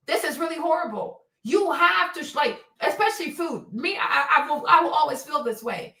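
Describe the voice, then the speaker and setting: Impassioned high-voiced woman streamer. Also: a bit bright, echoey room, recorded from a distance. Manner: impassioned, preachy, repeats points for emphasis. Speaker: commentary streamer. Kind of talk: live-stream commentary monologue.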